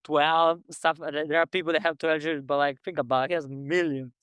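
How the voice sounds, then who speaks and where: A man hosting a podcast interview, speaking as an in a halting way full of restarts and fillers. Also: fairly high pitch, level tone, a bit bright, smooth, no echo. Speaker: podcast host. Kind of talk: conversational interview.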